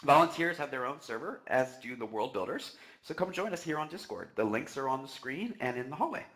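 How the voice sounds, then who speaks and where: A man co-hosting a live news stream, reading announcements in a steady way with frequent fillers. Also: medium pitch, a little fast, poor audio. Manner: steady delivery with many "uh" fillers.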